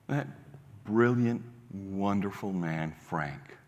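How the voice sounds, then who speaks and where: An older man speaks from a stage in a large hall, his voice a bit low and carrying a long reverb tail. He tells a story and acts out its dialogue, stumbling and restarting as he goes. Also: slow. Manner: warm storyteller acting out dialogue, many restarts. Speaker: foundation leader giving a keynote. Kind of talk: storytelling keynote speech.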